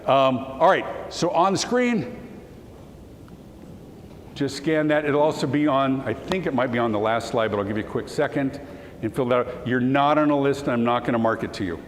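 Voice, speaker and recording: A man delivers a keynote talk, telling his story with animated, acted-out dialogue and a voice that breaks with emotion. His mid-pitched voice rings in a large hall with a long reverb tail. A faint background hum sits under the talk. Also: moderate pace. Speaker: keynote speaker. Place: conference hall.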